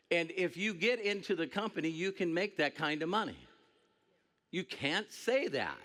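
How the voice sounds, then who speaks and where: A middle-aged man delivers a motivational talk on a stage mic to a large crowd. His fairly high voice jumps all over the place, and it stays bright and forceful. He jokes with the room and now and then breaks into a shout. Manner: animated, joking, breaks into shouts. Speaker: network marketing speaker. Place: stage before a large audience.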